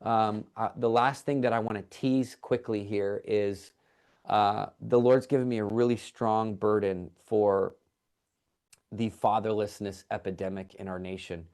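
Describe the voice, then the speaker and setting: Excited man giving a livestream ministry update. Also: lowish voice, a little slow, clear, resonant tone. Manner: excited, rambling, with restarts. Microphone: call or livestream setup.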